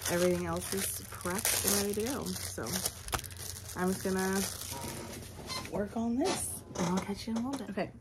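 A woman's voice: mid-range voice, moderate pace, very noisy. A woman, a schoolteacher chatting casually through a vlog in her classroom, rambling with fillers. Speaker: elementary school teacher.

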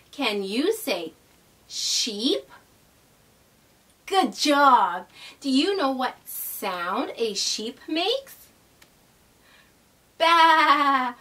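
A young woman hosting a toddlers' learning video, speaking with gentle, exaggerated cheer, gasping and imitating animal sounds. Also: high voice, distant mic. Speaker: children's educational video host. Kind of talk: teaching toddlers, slow and sing-song.

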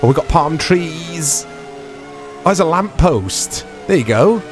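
A man's voice: a little high, animated, takes it slowly. A man giving casual, rambling commentary while playing an old racing game. He is self-deprecating and full of tag questions. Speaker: retro game reviewer. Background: background music.

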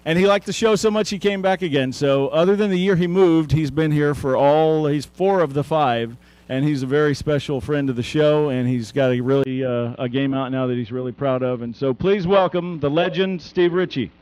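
Man, host, chatty introduction, slightly high voice. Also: moderate pace, a little mellow, clean tone. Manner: chatty, anecdotal. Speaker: show host introducing speaker. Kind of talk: casual introduction.

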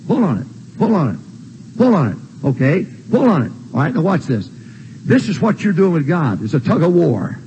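A man's voice: fairly high pitch, warm tone, husky, dull audio. An older man preaching a sermon, folksy and emphatic, repeating his points. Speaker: pastor. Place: church sanctuary.

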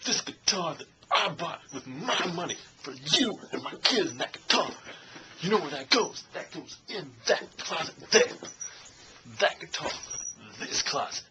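A man's voice: on the high side, lively intonation, a little slow, voice pushed up. A man putting on the voice of an intense grown man who lectures and points at everything, in clipped, emphatic lines. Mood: scolding. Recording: noisy background.

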